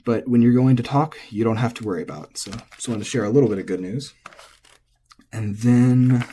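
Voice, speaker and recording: A man who is not a native speaker, teaching pitch accent in an informal way, thinking aloud with asides and restarts. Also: fairly quick, mellow, a little hiss or hum. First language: English. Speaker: language teacher. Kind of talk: explaining Japanese pitch accent.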